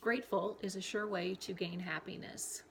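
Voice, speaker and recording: A woman's voice: medium pitch, steady tone, moderate pace, vocal fry, a bit bright, slight background noise. A woman vlogger reading self-help affirmations to camera, repeating them, then wandering off into chatty asides. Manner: reads aloud, then breaks off into rambling asides. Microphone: camera mic.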